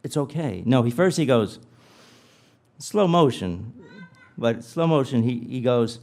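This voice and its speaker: A man's voice: mid-range voice, expressive, takes it slowly, darkish tone. A man giving a humorous guest lecture, telling stories animatedly and acting out dialogue with comic asides.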